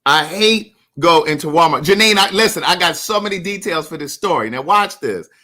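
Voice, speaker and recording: Bright-voiced man telling a story live. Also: a little high. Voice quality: animated, addresses viewers by name, drawn-out asides. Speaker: livestream host. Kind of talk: casual storytelling to live viewers.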